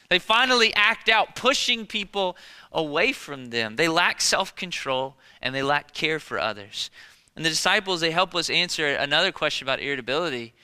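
Animated, bright-voiced male preacher. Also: fairly high pitch, normal speed, clean tone, in a large hall. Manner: animated and conversational, full of rhetorical questions. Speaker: pastor. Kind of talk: sermon.

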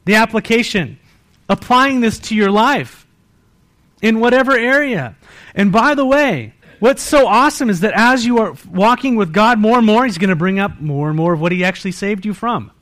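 A male pastor preaching a morning sermon to his church, swinging between loud bursts and hushed emphasis and pressing the congregation with rhetorical questions. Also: high-pitched, animated, normal speed. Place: church service.

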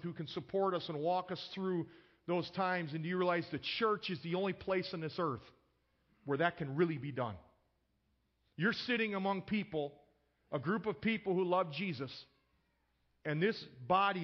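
A man's voice: sits high, highs cut off. A man preaching a sermon in a conversational way, telling a personal story and often repeating words as he starts sentences. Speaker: pastor.

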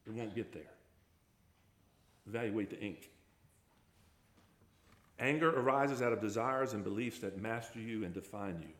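A man's voice: lowish voice, moderate pace, pauses often, a bit bright, roomy sound. A man preaching a sermon, emphatic, firing off rhetorical questions and repeating key words. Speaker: pastor.

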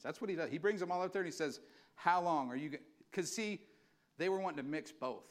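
A man's voice: a little high, fast. A male pastor preaching an impassioned, conversational sermon, acting out quotes as he goes. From California.

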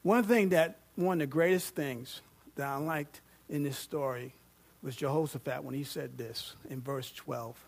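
Fired-up high-voiced male preacher. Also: a little slow, creaky. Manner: animated, rising to loud fervent reading; jokes with the congregation and asks them questions. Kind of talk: sermon.

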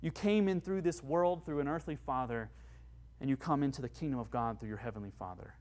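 A man preaching a sermon with passion, rising to emphatic peaks. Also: medium pitch. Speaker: pastor.

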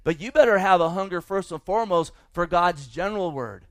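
A man's voice: high voice, animated, fairly quick, dry recording. A man preaching a sermon as pastor, folksy and emphatic, with asides to the congregation.

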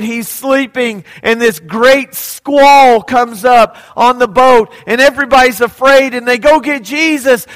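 A man preaching a sermon with a very high voice, speaking slowly and deliberately. His voice rings out in a large echoing hall. He acts out quoted lines and climbs to loud peaks. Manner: dramatic storytelling, acting out quoted lines, rising to shouts. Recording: echoey hall.

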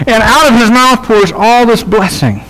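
A man with a notably high voice delivers a sermon in an easygoing, humorous storytelling way. He keeps checking in with his listeners and briefly acts out the people in the story as he goes. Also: expressive, moderate pace, fairly bright tone, low-quality recording. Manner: conversational, checks in with the audience. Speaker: pastor.

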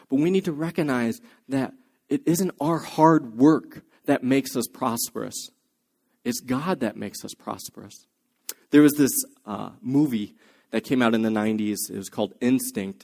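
A man's voice: mid-range voice, darkish tone. A man preaching a sermon, earnest, asking his listeners many rhetorical questions. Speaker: pastor.

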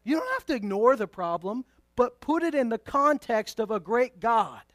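A male pastor preaching a sermon, emphatic and conversational, moving from loud declarations to hushed asides with playful remarks. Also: very high-pitched, sing-song, normal speed, no room sound.

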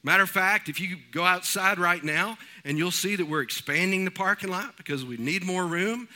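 A man preaching from the pulpit. His voice is high and very bright, with a ringing edge. He tells homespun stories in a folksy, animated way. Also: moderate pace. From East Texas. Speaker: pastor. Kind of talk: sermon.

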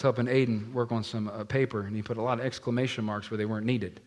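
A man's voice: medium pitch, fast, hardly any pauses. A man preaching a sermon to a congregation, acting out the voices in the scripture story and asking the room questions. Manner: animated, acts out scripture voices, talks to the congregation. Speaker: pastor.

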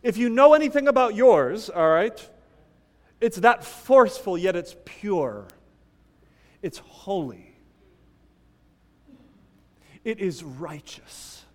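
A man preaching a sermon, conversational and animated, telling stories and teasing the congregation. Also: high voice, in a large hall. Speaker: pastor. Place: church sanctuary.

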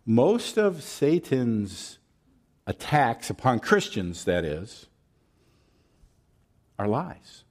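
Male pastor, sermon delivery, unhurried, highly expressive pitch.

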